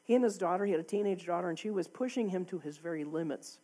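A woman's voice: on the low side, fast talker, mellow. A woman preaching a sermon to a congregation in a church, talking candidly and conversationally, often with a laugh.

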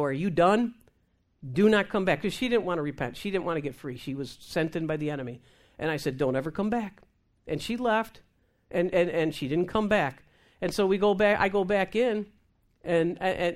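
A woman minister telling a lively testimony in conversation, acting out the voices of the people in her story and laughing as she goes. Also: medium pitch. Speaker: Christian minister. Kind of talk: testimony talk show conversation.

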